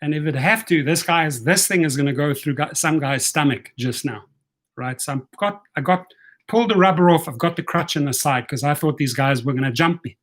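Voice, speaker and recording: A man's voice: a little high, fairly quick. A man in his fifties, a channel host, telling a story in a casual vlog. He talks bluntly and animatedly and swears freely. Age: 50s. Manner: animated, profane, blunt retelling of a confrontation.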